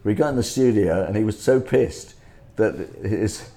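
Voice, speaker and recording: A man recounting music-industry stories in a halting way, often repeating words. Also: lowish voice, gravelly, dark tone. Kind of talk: casual chat, anecdotes.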